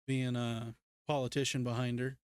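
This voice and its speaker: A man's voice: medium pitch, little pitch movement, moderate pace, smooth, no echo, clean studio sound. A male podcast co-host in casual chat, musing hesitantly and thinking aloud. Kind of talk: casual book-review chat.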